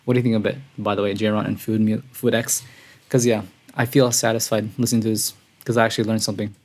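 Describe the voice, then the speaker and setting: Excitable man reacting to music, gravelly. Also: on the low side, fast. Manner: excitable, says "bro" often, gushing. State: out of breath. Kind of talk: excited casual reaction commentary. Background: song playing quietly.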